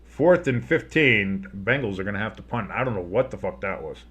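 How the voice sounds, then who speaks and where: A man gives casual live play-by-play on a football game, rambling, swearing as he reacts, and restarting his sentences. His voice is on the low side and a bit bright, with lively intonation and a brisk pace.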